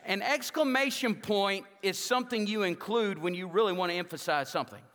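High-pitched preacher in a reverberant hall. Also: male voice, a little fast. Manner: rousing preacher, swings from loud exhortation to hushed intimacy. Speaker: pastor. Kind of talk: sermon. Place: church sanctuary.

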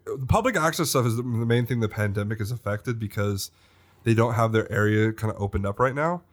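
A man's voice: fairly low pitch, a little fast. A man co-hosting a podcast in casual chat, rambling and chatty with many fillers and restarts. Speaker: podcast co-host.

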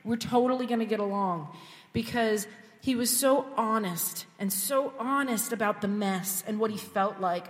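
A woman preaching from the front of a church, sharing her own story in a candid, storytelling way. Her voice sits in a middle pitch, and her words ring out with the long reverb of a sanctuary hall. She moves into fervent, heartfelt prayer. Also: normal speed. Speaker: speaker at church. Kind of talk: sermon testimony.

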